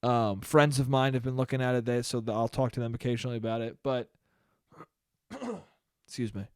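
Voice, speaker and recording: A man's voice: mid-range voice, level tone, a little fast, clear, resonant tone, dry recording, studio quality. A man hosting a solo comedy podcast, ranting profanely and laughing at his own jokes. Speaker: podcast host.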